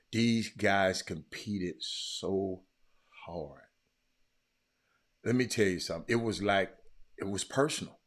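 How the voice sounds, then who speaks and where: Low-voiced man chatting live. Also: fairly bright tone. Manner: rambling, repeats himself, reads chat aloud. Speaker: live stream host. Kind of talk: casual live-stream chat.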